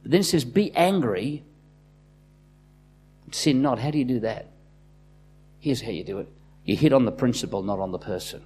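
A man preaching a sermon as a pastor, swinging between loud, impassioned bursts and quiet, intimate asides. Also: fairly low pitch, expressive, fast talker, long pauses, breathy edge.

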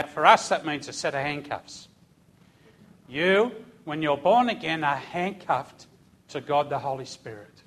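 A middle-aged man preaching a sermon, telling a personal story in an animated way with chuckles. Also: a little high.

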